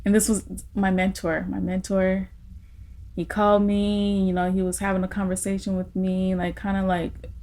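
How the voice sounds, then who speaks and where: A young woman talks through a personal story on a casual podcast. Her voice sits at a middle pitch, and she speaks with open feeling. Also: completely flat delivery, normal speed, mellow. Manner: emotional storytelling, laughing through tears.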